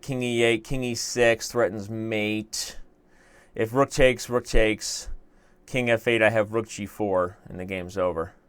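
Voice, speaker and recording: A man's voice: fairly low pitch, no room sound. A young man hosting a chess show, chatting casually and thinking aloud as he works through a puzzle, with self-mocking humor. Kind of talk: casual live-stream commentary.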